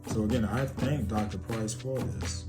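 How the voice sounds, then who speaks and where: A man introducing a sermon, slow and emphatic, repeating his points. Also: fairly low pitch, fairly even intonation. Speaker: host. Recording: loud music behind.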